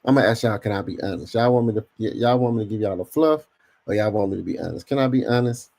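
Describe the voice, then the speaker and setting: A man's voice: fairly low pitch, quick pace, gravelly. A man hosting a casual podcast livestream, talking in slang and speaking straight to his chat. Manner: slangy, animated, addresses chat directly. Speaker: podcast host.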